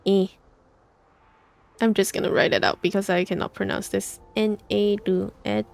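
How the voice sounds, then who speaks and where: A woman's voice: mid-range voice, expressive, a little slow, gravelly, long pauses. A woman streamer reading a book aloud, breaking off for giggly, chatty asides and stumbling over hard names. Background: soft lo-fi music.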